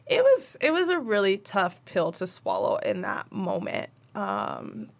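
A woman's voice: mid-range voice, wildly swooping pitch, measured pace, vocal fry. A young woman co-hosting a podcast, talking candidly and emotionally about her children in casual chat, rambling a little as she goes. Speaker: podcast co-host.

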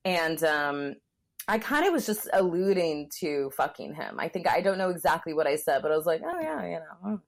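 A woman's voice: deep voice, animated, moderate pace. A woman from Southern California, a comedian guesting on a podcast, telling a story in a candid, blunt way and filling her talk with "like.". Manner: frank and blunt, chatty, full of "like" fillers.

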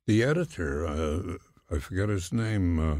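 An older man, a longtime contributor on an interview podcast, talking in a halting way while searching for names. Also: sits low, animated, a little mellow, no echo, clean studio sound.

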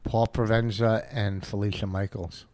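A man's voice: on the low side, little pitch movement, normal speed, a little mellow, dry recording. Guy hosting a podcast, blunt and rambly, just chatting. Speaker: podcast host. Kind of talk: casual comedic podcast banter.

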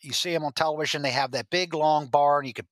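A man as the podcast guest, telling rambling stories with halting restarts. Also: on the high side, steady tone, a bit bright, dry recording. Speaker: guest, former drug agent. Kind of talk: storytelling interview.

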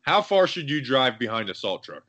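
At a moderate pace and in a mid-range voice, this young male co-host of a laid-back sports podcast wanders through his anecdotes with plenty of jokes. His storytelling is lively and rambling.

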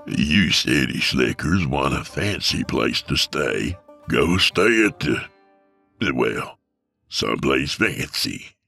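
A hoarse old backwoods hunting guide, scowling and sardonic, put on by a male audiobook narrator. His drawl is low and dragging, and he bites his words off short. Soft music sits faintly underneath. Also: expressive, slow pace, heavily acted.

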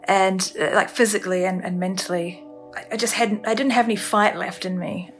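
A woman telling her own story on a podcast, halting and emotional, with many restarts. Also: medium pitch, steady tone, faint music behind. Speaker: storyteller recounting her ordeal. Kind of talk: candid first-person podcast testimony.

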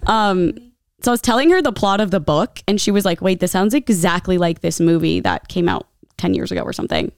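A young woman co-hosting a podcast in casual chat, her voice rough from a loud night out, chatty and laughing often. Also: lowish voice, sing-song, fairly quick, no room sound, studio quality. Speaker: podcast co-host.

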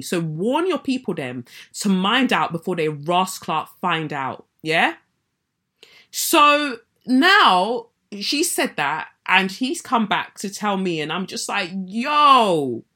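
A woman, hosting a podcast and telling a personal story in an animated, indignant way, acting out what others said. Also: mid-range voice. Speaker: podcast host. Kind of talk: personal story told to listeners.

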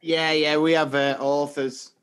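A man's voice: a little high, little pitch movement, a little slow, fairly bright tone, clear, resonant tone. A man co-hosting a podcast, teasing his co-host with dry banter in casual chat.

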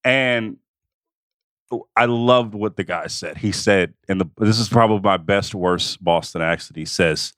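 A man's voice: fairly low pitch, unhurried, a bit bright, clean tone, no room sound, clean studio sound. A man co-hosting a podcast, telling a sports story in casual chat with lots of repeated phrases. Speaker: podcast co-host.

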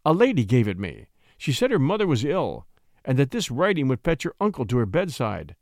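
A man's voice: mid-range voice, huge pitch swings, fairly quick, a little mellow, no room sound, clean studio sound. A man voicing an earnest young shepherd poet, speaking with respectful ardor. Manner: ardent and respectful.

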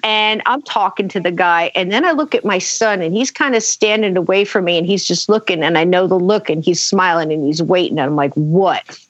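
A woman's voice: on the low side, fairly quick, dry recording. A middle-aged woman, a guest on a talk show, telling a story with laughter and acting out what she said. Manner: animated, laughs often, acts out her own quotes. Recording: dull dry sound.

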